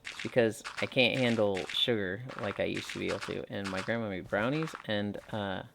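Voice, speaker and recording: A man's voice: on the low side, moderate pace, gravelly, background noise. Tired, chatty male streamer walking. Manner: relaxed, chatty, reads viewer messages aloud; talks while walking. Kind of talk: casual live-stream chat while gaming.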